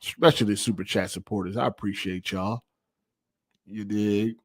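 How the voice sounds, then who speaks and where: A man's voice: lowish voice, steady tone, moderate pace, breathy edge. A young man hosting a gaming podcast, ranting casually in heavy slang and profanity. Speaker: podcast host.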